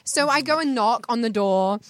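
A woman's voice: fairly high pitch, moderate pace, no room sound. A woman guest on a talk show, telling a comic anecdote animatedly, acting out the people in it and laughing often. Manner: animated storyteller, acts out voices, laughs often.

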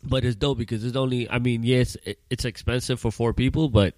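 A man's voice: medium pitch, steady tone, brisk, darkish tone, no room sound. A man in his thirties from Trinidad, hosting a podcast and telling profane stories in casual chat, laughing often. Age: 30s. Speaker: podcast host.

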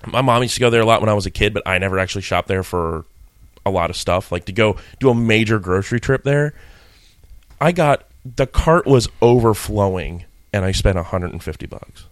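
A man's voice: lowish voice, animated, a little fast, no room sound, studio quality. A man co-hosting a podcast, telling rambling stories in casual comedic chat and laughing often. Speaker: podcast co-host.

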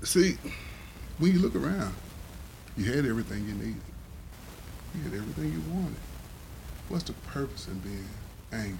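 A man's voice: mid-range voice, big pitch swings, moderate pace, gravelly, long pauses, a little mellow, slight background noise, rough recording. A man on a podcast giving emphatic, sermon-like advice and quoting the Bible in a casual talk. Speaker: podcast co-host. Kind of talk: preachy advice.

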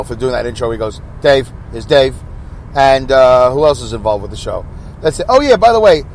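A man hosting his own podcast in a chatty, rambling, wry monologue, talking on the road as motorcycles pass. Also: fairly high pitch. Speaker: podcast host. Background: passing traffic.

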